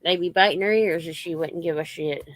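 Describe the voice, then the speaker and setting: A woman's voice: lowish voice, fairly quick, no room sound. Woman. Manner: coarse, chatty, scolds and coos at dogs. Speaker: vlogger talking to her dogs. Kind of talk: casual chat with pets. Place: home with dogs around.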